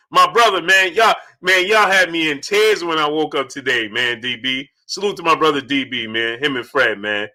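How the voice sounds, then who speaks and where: A man with a very bright, cutting voice that sits a little high, hosting a boxing talk livestream. He talks in animated bursts between loose commentary and shout-outs to viewers reading their chats. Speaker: boxing talk show host.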